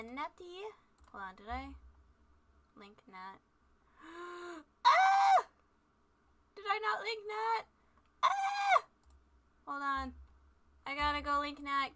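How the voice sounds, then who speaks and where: A woman's voice: high voice, sharp tone. A woman streaming a game, chatting casually in a bubbly, scatterbrained way and joking at herself. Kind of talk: casual live-stream chat.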